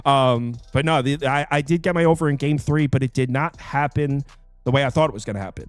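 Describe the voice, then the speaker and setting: A man hosting a sports betting picks show, talking casually and quickly, full of fillers and quick asides. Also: medium pitch, clean tone, no echo, faint music behind. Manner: animated, quick, with fillers and self-interrupting asides.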